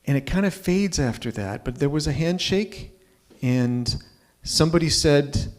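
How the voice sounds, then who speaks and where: A man's voice: a little high, animated, a little slow, few pauses. A man in his fifties telling a personal story live on stage, conversational and checking in with the audience. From Ontario, Canada.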